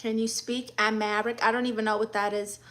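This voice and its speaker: A woman's voice: on the high side, level tone, brisk, background noise. A woman from Brooklyn with a New York accent, casually chatting on a livestream and reading viewer comments in a sassy, teasing way. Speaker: livestream host.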